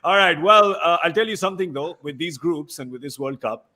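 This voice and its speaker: A man's voice: on the high side, animated, fairly quick, bright, forceful tone. A man hosting a casual sports talk show, playful and teasing. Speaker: host. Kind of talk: casual studio chat.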